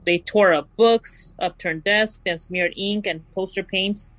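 A woman co-hosting a podcast, recounting a true-crime case and reading quoted notes slowly and deliberately. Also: mid-range voice, fairly even intonation, a bit bright, no echo, low-quality recording. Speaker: podcast co-host telling the story.

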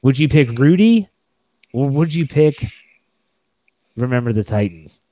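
A man's voice: medium pitch, expressive, unhurried, dark tone, no echo. A young man co-hosting a podcast, rambling and enthusiastic as he talks about sports movies, often restarting his sentences. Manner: rambling, self-correcting, enthusiastic. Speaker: podcast co-host. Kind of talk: casual sports movie chat.

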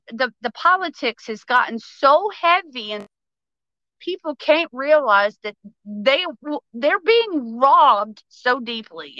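Bright, fiery, profane woman ranting. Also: on the high side, no echo, lo-fi sound. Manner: passionate, profane, fast-flowing. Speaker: podcast guest. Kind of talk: heated political rant.

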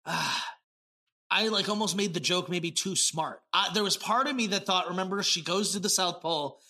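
A man co-hosting a casual podcast chat, animated and swearing, acting out lines as he reviews a show. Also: sits high, normal speed. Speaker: podcast co-host.

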